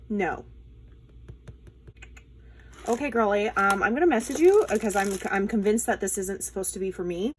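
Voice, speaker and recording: A woman hosting a casual crafting unboxing, excited and gushing, with frequent fillers. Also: medium pitch, moderate pace, long pauses, husky. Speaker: crafting channel host.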